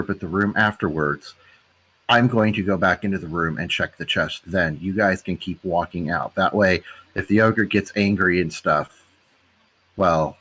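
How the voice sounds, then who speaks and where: A man playing a tabletop game, thinking through a plan out loud and second-guessing himself. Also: low-pitched, husky. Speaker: player. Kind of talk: casual tabletop game talk.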